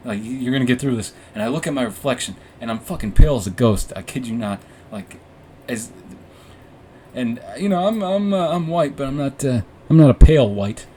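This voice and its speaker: A man's voice: mid-range voice, lively intonation, normal speed, mellow, a little hiss or hum. Profane, rambling male storyteller. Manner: rambling and profane, with frequent laughs. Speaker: podcast host. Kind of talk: casual storytelling.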